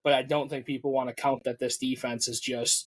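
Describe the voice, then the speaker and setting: A man in casual sports podcast chat, stating his view plainly and with confidence. His voice is of ordinary, middle pitch. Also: flat delivery, brisk, breathy edge. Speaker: podcast co-host.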